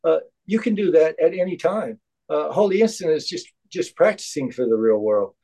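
Man, study group discussion, emphatic, halting, fairly high voice, warm tone. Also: animated, poor audio. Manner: emphatic, halting, many restarts.

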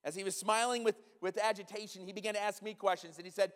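A man preaching a sermon, telling a story animatedly, dropping to a hush and then rising to loud exclamations. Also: high voice, fast, few pauses. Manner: animated, swings from hushed to loud. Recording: long reverb of a large hall.

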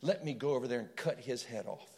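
A man's voice: medium pitch, quick pace, darkish tone, voice pushed down, lightly acted. A man voicing an indignant, hot-headed soldier who wants to strike back.

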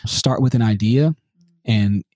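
Man, podcast guest, earnest, mellow low voice, dry close sound. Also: measured pace, no echo. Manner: earnest, animated, uses many rhetorical "right?". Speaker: interview guest. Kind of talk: podcast interview.

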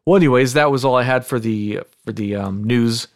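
A man's voice: medium pitch, brisk, no echo. Joking podcast host man, dry sound. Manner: joking, playful. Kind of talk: casual chat.

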